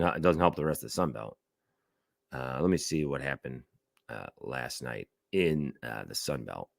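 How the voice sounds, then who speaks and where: Deep-voiced male sports talk host, opinionated, musing over stats mid-sentence, lots of uhs and restarts. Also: gravelly, a bit bright, no echo, studio quality. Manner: thinking aloud, checking stats mid-sentence, many fillers and restarts; opinionated, rhetorical questions. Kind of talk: solo sports talk commentary.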